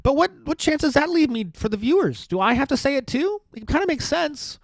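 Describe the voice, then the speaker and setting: A man's voice: very high-pitched, big pitch swings, brisk, creaky, dry recording. Guy doing a solo podcast rant, sarcastic, voice jumps all over, super dry close sound. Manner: sarcastic and provocative, rambling with restarts. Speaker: podcast host.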